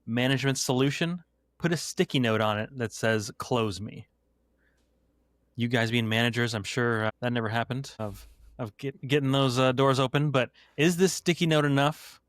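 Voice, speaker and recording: A man co-hosting a casual podcast, dropping dry, deadpan jokes. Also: mid-range voice, moderate pace, no echo. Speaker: podcast co-host.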